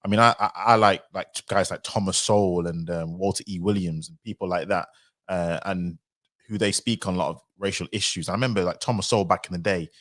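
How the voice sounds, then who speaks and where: Quick, low-voiced male panelist, excitable storyteller, dry close mic. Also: no room sound. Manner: fast, excitable storytelling with incredulous outbursts. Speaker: podcast panelist. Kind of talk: casual panel discussion.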